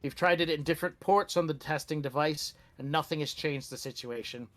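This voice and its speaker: A man's voice: fairly high pitch, brisk, fairly bright tone. A man narrating a tabletop role-playing game as game master, in a loose, casual way with many fillers.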